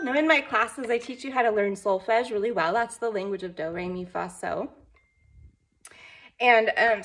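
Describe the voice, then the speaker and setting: A woman's voice: medium pitch, normal speed. A woman giving a casual home music lesson, enthusiastic and passionate, singing note syllables as she explains, filmed on a phone with her baby nearby. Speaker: music teacher. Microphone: phone camera.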